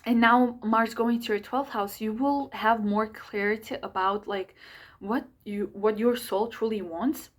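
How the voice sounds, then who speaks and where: A woman's voice: a little high, steady tone, measured pace. Chatty woman astrologer rambling to camera. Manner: chatty, rambling, frequent self-corrections and asides. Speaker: astrology channel host. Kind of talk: casual astrology forecast to camera.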